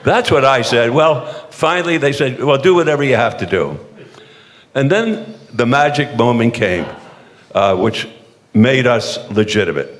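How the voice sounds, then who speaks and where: A man's voice: medium pitch, lively intonation, measured pace. An older man from the eastern United States, a former mayor telling self-deprecating, jokey stories on a panel, with frequent restarts. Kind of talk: humorous anecdotal storytelling on a panel. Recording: long hall reverb.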